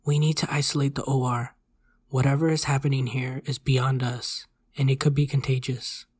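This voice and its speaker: A narrator voicing a male chief surgeon who speaks in a hushed, urgent tone in a horror story reading. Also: mid-range voice, level tone, moderate pace, slightly rough, natural voice.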